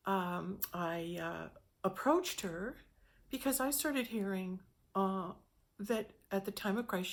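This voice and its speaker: A woman's voice: medium pitch, creaky. Earnest middle-aged woman storyteller. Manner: earnest, halting, repeats words, acts out quoted voices. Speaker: spiritual teacher sharing a testimony. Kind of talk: personal storytelling.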